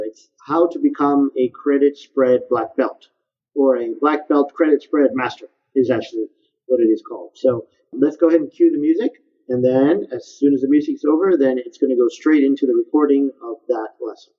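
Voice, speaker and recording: A man's voice: mid-range voice, normal speed. Man talking loosely on a dull lo-fi recording. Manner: loose and hesitant, with fillers. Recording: dull lo-fi sound.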